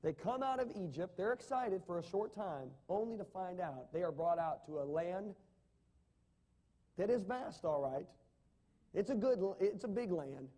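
A male pastor with a husky, mellow, fairly high voice preaches a sermon, putting rhetorical questions to the congregation and reading scripture with rising emphasis.

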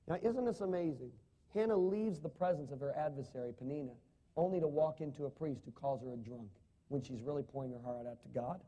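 A man's voice: mid-range voice, dark tone. A man preaching a sermon to a congregation, dramatic, with rising and falling emphasis and frequent questions to the listeners. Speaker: pastor.

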